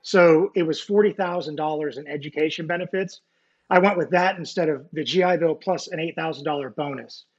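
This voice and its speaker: A man's voice: on the high side, fairly quick. Rambling nerdy man on a muffled call. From United States. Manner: rambling, many fillers and restarts; nerdy, self-deprecating. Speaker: guest, former Navy nuclear technician. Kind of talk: casual interview storytelling. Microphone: video call. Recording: muffled video call audio.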